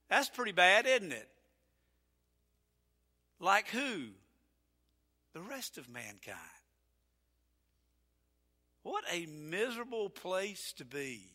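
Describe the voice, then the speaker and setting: Male pastor, folksy and emphatic, high bright voice, echoing sanctuary. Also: big pitch swings, takes it slowly, long pauses. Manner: folksy, emphatic preaching with sudden loud peaks. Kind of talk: sermon. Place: church sanctuary. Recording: reverberant church sanctuary.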